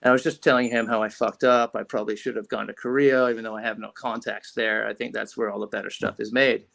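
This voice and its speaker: Gravelly-voiced man telling a rambling story. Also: fairly low pitch, level tone, quick pace, a bit bright. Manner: rambling, frequent restarts and fillers. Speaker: podcast guest, fishing rod company founder. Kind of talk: casual storytelling interview.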